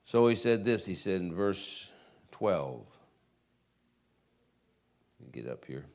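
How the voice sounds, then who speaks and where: A man from Michigan with a Michigan American accent, teaching Sunday school in a church classroom, reading scripture verses slowly and loudly between casual asides. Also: low voice, very animated. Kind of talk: Bible lesson reading scripture aloud.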